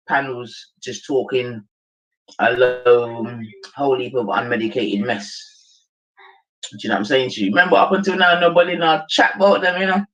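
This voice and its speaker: A man with a London accent hosting a livestream, giving casual commentary in an animated, slangy way and calling his viewers family. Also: mid-range voice, rough recording. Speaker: livestream host.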